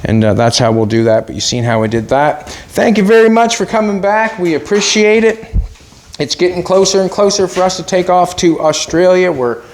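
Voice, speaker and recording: A man's voice: high-pitched, moderate pace, a little hiss or hum. A middle-aged man hosting a casual workshop vlog, chatty and talking to himself as he works. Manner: chatty, talks to himself while working. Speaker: host and car builder.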